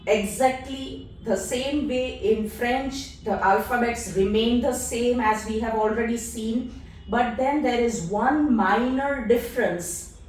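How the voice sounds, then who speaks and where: Female teacher, unhurried and deliberate, spelling things out step by step; distant mic, roomy echo. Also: a little high, darkish tone, a little hiss or hum. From India. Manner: patient, spells out letters one at a time. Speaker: language teacher. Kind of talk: slow, deliberate lesson explanation. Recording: echoey room, voice off-mic.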